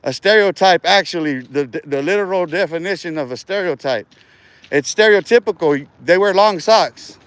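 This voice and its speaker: A man's voice: high voice, normal speed, clean tone, no room sound. A man hosting his own livestream, rambling and taunting his viewers in a profane rant, often breaking into laughter. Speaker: livestream host.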